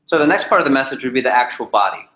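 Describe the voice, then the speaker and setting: A man teaching a live sales training session, animated and jokey, repeating his key points to the group. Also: medium pitch, very fast, reverberant, rough recording. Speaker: sales trainer leading a workshop.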